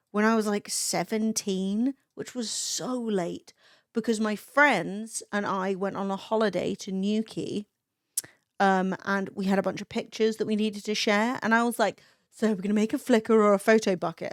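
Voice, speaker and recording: A woman in her thirties chatting casually to a live stream, blunt and profane, slipping into lively impressions of herself. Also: fairly high pitch, dry recording, studio quality.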